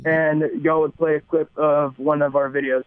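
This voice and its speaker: A man's voice: on the high side, little pitch movement, moderate pace, clear, resonant tone, no room sound. A young man from Tennessee with a Southern accent, calling in to a show and talking in a laid-back, rambling way. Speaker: phone-in caller, YouTube prankster. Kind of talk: casual phone call. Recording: tinny phone line.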